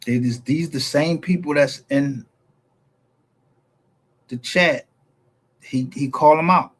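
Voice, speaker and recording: A man's voice: on the high side, takes it slowly. Man ranting in heated profane commentary. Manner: profane, rambling, heated, with frequent restarts. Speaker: YouTube commentator.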